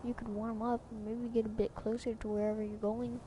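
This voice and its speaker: A woman's voice: fairly high pitch, flat delivery, brisk, background noise, close to an everyday voice. Woman reading as a nagging, caring mother. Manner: gently nagging, questioning. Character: caring, prodding middle-aged mother on the phone. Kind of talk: reading game dialogue aloud.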